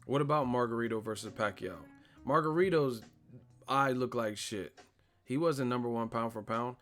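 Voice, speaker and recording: A man's voice: medium pitch, normal speed, a bit bright, faint music behind. A man hosting a casual live stream, telling stories animatedly with lots of slang and profanity, often laughing and acting out movie lines. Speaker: host of a live boxing stream.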